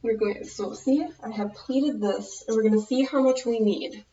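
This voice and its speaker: A woman with a Minnesotan American accent talks casually through a tutorial, her voice sitting a little high. She rambles, loses her thread and corrects herself mid-sentence. The sound is dull and lo-fi, like a basic home video. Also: moderate pace, warm tone, a little hiss or hum. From United States. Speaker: vlogger.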